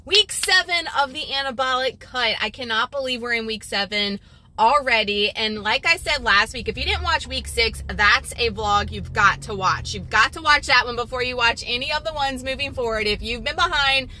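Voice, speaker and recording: A woman's voice: a little high, moderate pace. A young woman vlogging casually and chattily, still catching her breath after a workout. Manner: chatty and animated, lots of fillers like "like". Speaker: fitness vlogger. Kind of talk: casual vlog talk. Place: resting in a massage chair.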